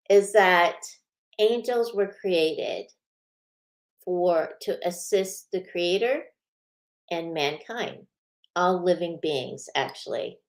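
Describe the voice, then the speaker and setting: Chatty, unhurried woman hosting a spiritual show. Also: lowish voice. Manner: chatty, laughs often, many fillers. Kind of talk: casual live-stream chat.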